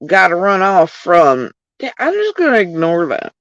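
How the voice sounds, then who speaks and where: A woman's voice: lowish voice, moderate pace, no room sound, muffled recording. A woman livestreamer talking casually to her chat in a profane, heated rant, addressing viewers directly. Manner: profane, animated ranting.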